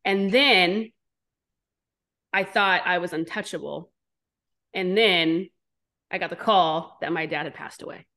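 Blunt, animated woman telling her story. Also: lowish voice, unhurried, pauses often. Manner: blunt, animated, swears freely. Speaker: entrepreneur guest. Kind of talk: candid interview storytelling.

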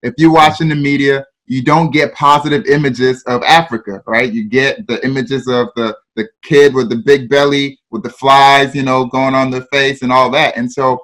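A man's voice: medium pitch, little pitch movement, moderate pace, few pauses, fairly bright tone. A man from Ghana with a Ghanaian accent, a guest telling his life story in an interview, laughing often and checking in with "right?" and "you know".

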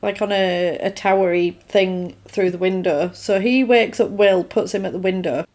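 A woman, recapping a film in casual chat and acting out the characters' lines. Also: mid-range voice. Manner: animated, acts out characters' lines in quick quotes. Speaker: film podcast co-host.

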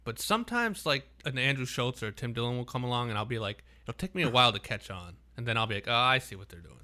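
A man's voice: medium pitch, expressive, quick pace, bright, forceful tone. A man co-hosting a podcast in casual chat, rambling and swearing a lot. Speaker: podcast co-host.

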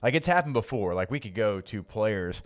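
A man's voice: fairly low pitch, lively intonation, normal speed. A man co-hosts a casual sports podcast in a stadium studio. He speaks earnestly and steadily, often starting his thoughts with "like" or "I mean.". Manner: earnest, heavy use of "like" and "I mean". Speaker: podcast co-host, former player.

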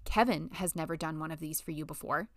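A woman's voice: low voice, fast, no room sound, clean studio sound, close to an everyday voice. A woman voicing a young female grad student who stays carefully polite and restrained. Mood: firm.

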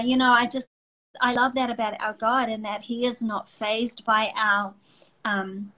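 A woman's voice: fairly high pitch, fairly bright tone, rough recording. A middle-aged woman hosting a faith talk show, speaking earnestly and emotionally with many restarts. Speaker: host.

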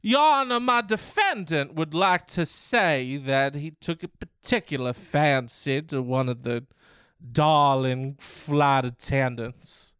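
Pompous male courtroom lawyer, flustered and over-formal, a man doing the voice; higher, smooth tone. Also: slow, a bit bright, no room sound, clean studio sound. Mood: pleading. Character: mock-pompous male defense lawyer addressing a judge.

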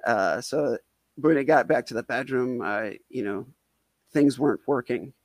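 A man tells a comedic story in a loose, rambling way, full of "like" and "uh" fillers. His voice sits at an ordinary middle pitch. The sound is dry and close, with little room in it. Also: a little slow, dry recording. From Wisconsin. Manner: rambling, heavy on "like" fillers, self-deprecating. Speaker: storyteller guest.

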